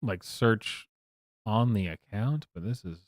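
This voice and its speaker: A man's voice: lowish voice, expressive, takes it slowly, dry recording, studio quality. A man streaming live, rambling through profane commentary with many fillers and restarts. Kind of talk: casual livestream commentary.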